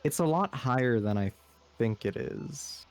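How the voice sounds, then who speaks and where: A man's voice: medium pitch, animated, measured pace, vocal fry. A man with a slight lisp and a general American accent, rambling through a casual podcast chat with lots of fillers. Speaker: podcast co-host.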